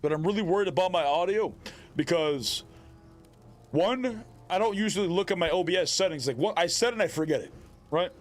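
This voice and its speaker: A man chatting casually with his live-stream audience, animated and loud, often shouting catchphrases. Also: sits high, brisk, faint music behind.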